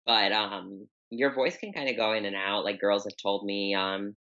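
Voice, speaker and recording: A young woman with a deep, low voice for a woman, talking candidly and rambling with lots of fillers as a podcast guest. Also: normal speed, a bit bright. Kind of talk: casual interview talk. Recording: dull, muffled audio.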